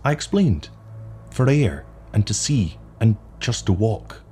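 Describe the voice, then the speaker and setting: A man's voice: on the low side, very animated, slow, darkish tone, slight background noise, voice pushed up. A man voicing a polite, slightly nervous lonely man answering questions in a short story reading. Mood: patient.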